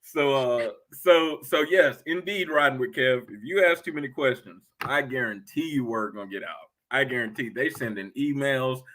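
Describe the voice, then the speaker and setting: A man's voice: medium pitch, moderate pace, few pauses. A man who drives a truck, hosting a casual live chat and telling stories with a laugh. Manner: animated storyteller, laughs often. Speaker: host of a live stream.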